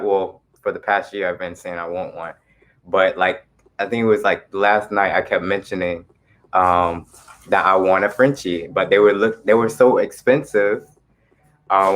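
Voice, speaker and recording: A young man hosting a casual livestream, greeting viewers by name in a relaxed, laid-back way. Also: low voice, normal speed. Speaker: livestream host.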